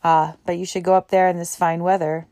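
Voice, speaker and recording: A woman's voice: on the low side, flat delivery, a little fast, warm tone, dry recording, natural voice. Woman doing a jovial male doctor. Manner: hearty, teasing. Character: cheerful middle-aged male doctor, jovial.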